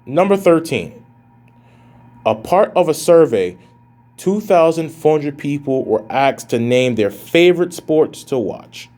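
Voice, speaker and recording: A man's voice: fairly high pitch, darkish tone. Casual male math professor lecturing. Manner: casual, addresses students as guys, thinks aloud while calculating. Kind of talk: recorded lecture.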